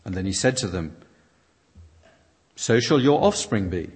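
A man's voice: on the low side, expressive, unhurried, darkish tone, slightly rough. A man preaching a sermon that is interpreted line by line, reading his quotations out dramatically. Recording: long reverb of a large hall.

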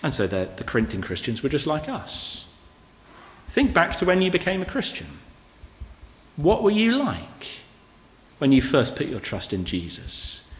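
Male preacher, slightly higher voice, conversational sermon, long hall reverb. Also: wildly swooping pitch, unhurried, pauses often. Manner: conversational, rhetorical questions. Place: church hall.

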